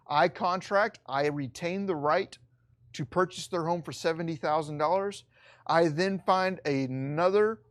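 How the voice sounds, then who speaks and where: A middle-aged man teaching a recorded real estate lesson, explaining step by step and slowing down to stress key points. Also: fairly high pitch.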